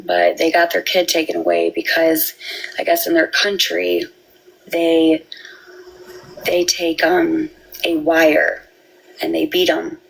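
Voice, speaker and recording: A woman giving a halting, emotional personal account, often repeating words and restarting. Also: low-pitched, little pitch movement, creaky, low-quality recording. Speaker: parent telling her story.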